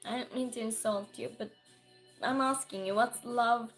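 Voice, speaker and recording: A woman hosting a livestream with a cold and a sore throat, hoarse and clearing her throat as she reads viewer messages aloud and chats back. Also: on the high side, fairly even intonation, normal speed, faint music behind. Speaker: livestream host reading chat. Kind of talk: casual chat.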